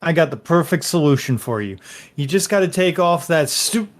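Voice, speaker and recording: A man's voice: on the high side, lively intonation, normal speed, lightly acted. A man voicing a brash, pushy male stage performer who coaxes his partner along. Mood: coaxing.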